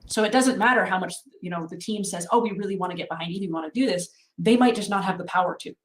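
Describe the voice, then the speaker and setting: A woman's voice: medium pitch, quick pace, rough recording. A woman on a panel discussion who talks thoughtfully and reasons step by step, with frequent "you know"s.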